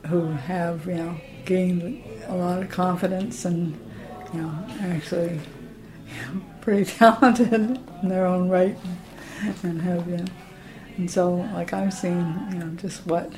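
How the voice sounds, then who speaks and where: A woman speaking casually in an interview about her choir, halting with many fillers and frequent laughs. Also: fairly low pitch, steady tone, music in the background, poor audio. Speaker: choir member.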